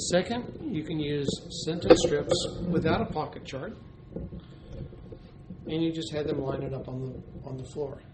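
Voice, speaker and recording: A man giving an instructional demonstration of a classroom teaching method, explaining step by step with frequent ums and uhs. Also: medium pitch. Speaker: teacher educator. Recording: noisy recording.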